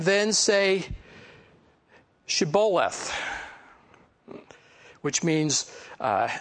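A pastor from the Philadelphia area, with a high voice and a Philadelphia accent, teaches through a Bible passage. His manner is relaxed and conversational, full of asides and fillers.

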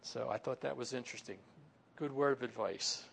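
This pastor preaches conversationally, peppering his sermon with "you know" asides and acting out muttered inner voices. His mid-range voice is steady, brisk, gravelly, and slightly rough.

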